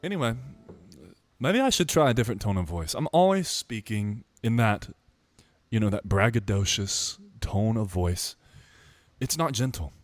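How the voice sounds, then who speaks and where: A young man rambling in a casual monologue, self-mocking and swearing casually as he muses out loud. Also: lowish voice, expressive, moderate pace. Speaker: musician vlogger.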